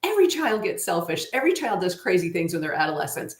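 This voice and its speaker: A woman's voice: fairly low pitch, big pitch swings, fast talker, echoey room, slight background noise. A woman chatting on a talk show in an earnest, preachy way, quoting scripture. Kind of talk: casual talk-show chat.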